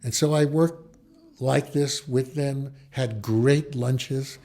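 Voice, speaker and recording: A man's voice: medium pitch, slow pace. An older man from the Bronx, telling anecdotes in a conversation and acting out the dialogue of the people in them. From the Bronx, New York. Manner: animated storyteller who acts out quoted dialogue. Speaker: interviewee, photojournalist.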